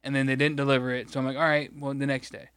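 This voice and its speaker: A man's voice: mid-range voice, level tone, racing, a bit bright, clear, resonant tone, no room sound. A man from Michigan, co-hosting a podcast, rambling through an exasperated, profane story in casual chat. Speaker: podcast co-host.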